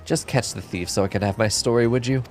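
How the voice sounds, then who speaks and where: A man's voice: mid-range voice, quick pace, slight background noise, close to an everyday voice. A man voicing a scornful female reporter in a dry, dismissive tone.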